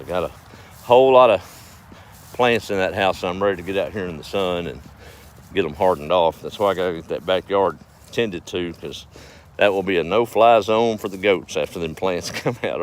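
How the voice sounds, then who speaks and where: A man telling folksy farm stories on a casual livestream, chuckling as he rambles. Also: low-pitched. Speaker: farm vlogger.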